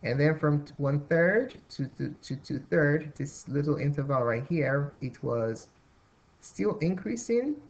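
Gravelly man teaching math, lo-fi. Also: on the high side, animated, a little slow. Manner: thinks aloud, many restarts and fillers. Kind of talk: whiteboard math lesson. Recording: dull lo-fi recording.

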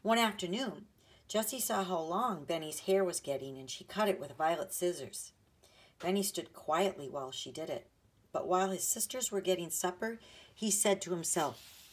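A woman narrating a children's chapter book in a gentle, read-aloud manner. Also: lowish voice, moderate pace, breathy edge. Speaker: audiobook narrator. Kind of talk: storybook narration.

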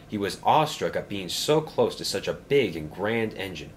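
Man, storybook narration, expressive, lively pitch, faint room hum. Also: normal speed.

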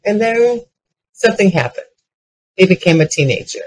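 A woman's voice: mid-range voice, normal speed, slight background noise, poor audio. Older woman telling funny stories. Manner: lively, punchline-driven anecdotes with frequent restarts. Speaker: keynote speaker. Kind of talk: comedic storytelling keynote.

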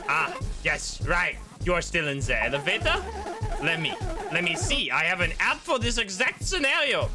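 Man doing a pompous innkeeper voice, overly formal, high lively pitch, music behind. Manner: overly polite, formal host's patter. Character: pompous male hotel innkeeper and founder. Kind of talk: reading game dialogue aloud in a voice. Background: game music.

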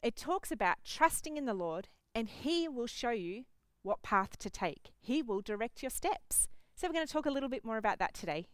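A woman's voice: fairly high pitch, very animated, moderate pace, no echo. A woman pastor teaching children at an online church service, speaking directly to the kids in an encouraging way.

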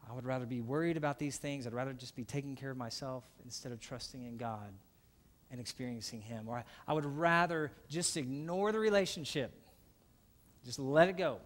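A man preaching a sermon as pastor, earnest and swinging between emphatic passages and hushed, softly spoken ones. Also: mid-range voice, a little fast.

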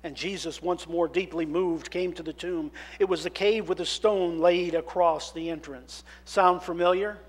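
Preacher, man, high voice, swings from hushed reading to loud storytelling. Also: normal speed, hardly any pauses. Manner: dramatic shifts between hushed scripture reading and loud animated storytelling. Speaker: minister. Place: church sanctuary.

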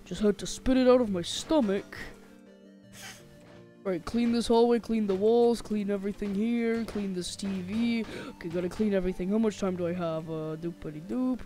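Young guy doing a high-voiced robot bear janitor, mumbling to himself while he cleans, gmod roleplay. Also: moderate pace, warm tone, faint music behind, close to an everyday voice. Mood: muttering. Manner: mutters to himself while working. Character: robot bear janitor, male, hapless and chatty. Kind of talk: game role-play voice acting.

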